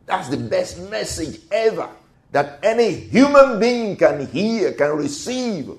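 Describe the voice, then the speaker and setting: A male pastor delivers a slow, deliberate sermon, his pitch swinging widely as he repeats phrases. His voice climbs to near-shouts and sinks back down. The sound carries a roomy echo. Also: very animated. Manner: slow, swelling preaching with repeated phrases, rising to near-shouts and dropping low. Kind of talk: sermon with prayer.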